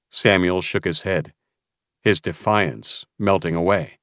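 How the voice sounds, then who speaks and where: Male audiobook narrator, very low voice, dry close sound, dramatic, tense telling. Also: slow pace, a bit bright, clean tone, dry recording. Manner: tense storytelling.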